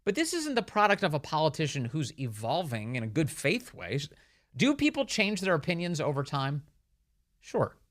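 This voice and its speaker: A man hosting a talk radio show, with a bright, forceful edge to his fairly high voice. He speaks emphatically, punching his points and slipping into mocking quoted voices. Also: wildly swooping pitch, normal speed.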